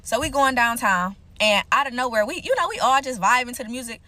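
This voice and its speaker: A young woman shares a casual storytime with her viewers, her voice a little high and quick with no echo. She's animated and slangy, swearing frequently.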